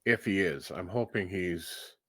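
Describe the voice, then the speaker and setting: Easygoing low-voiced male player. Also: animated, unhurried, pushed and bright, husky. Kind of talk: casual tabletop play.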